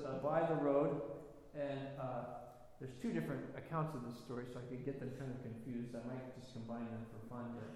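A man giving a sermon, telling stories in a halting, conversational way with many restarts. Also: a little high, dark tone. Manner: storytelling, halting with restarts and fillers. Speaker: preacher. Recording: echoey hall with long reverb.

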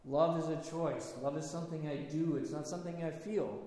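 A man giving a sermon, telling stories in a halting, conversational way with many restarts. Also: a little high, steady tone, mellow. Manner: storytelling, halting with restarts and fillers. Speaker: preacher. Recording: echoey hall with long reverb.

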